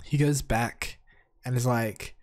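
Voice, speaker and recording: A man sounding sick and hoarse, casually reviewing anime episodes in a rambling, excitable, heavily profane way. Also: mid-range voice, takes it slowly.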